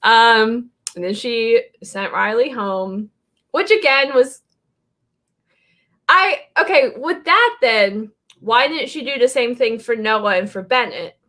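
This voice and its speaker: A chatty woman co-hosting a podcast, talking in a high, bright voice. She chats casually, laughs easily, and peppers her talk with "like" and "um". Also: slow. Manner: chatty, laughs often, many "like"s and "um"s. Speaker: podcast co-host. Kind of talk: casual chat.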